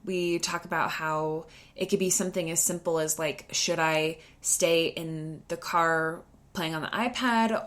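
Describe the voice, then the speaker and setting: Chatty woman with a lowish voice. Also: fairly bright tone. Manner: chatty, full of "like" and quick restarts. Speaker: podcast host. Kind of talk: casual personal storytelling.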